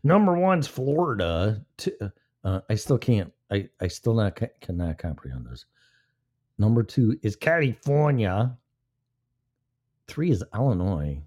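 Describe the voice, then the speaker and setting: Speaking on the low side with big pitch swings, a measured pace and a slightly mellow quality, a man runs a live-stream show. He wanders through crude, casual chatter to pass the time, and his microphone sits to one side of his mouth.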